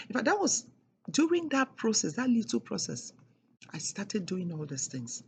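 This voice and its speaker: A woman's voice: lowish voice, sing-song, normal speed, darkish tone, a little hiss or hum. A middle-aged woman telling a personal story in an emphatic, repetitive way, leaning hard on key words. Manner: emphatic and repetitive, with heavy stresses. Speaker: speaker sharing a personal testimony.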